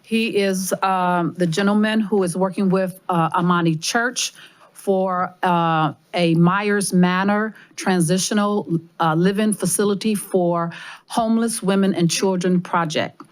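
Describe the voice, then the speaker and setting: An American woman, a council vice president, introducing a speaker in a hesitant way, pausing often. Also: lowish voice, fairly even intonation. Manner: hesitant, many uh fillers.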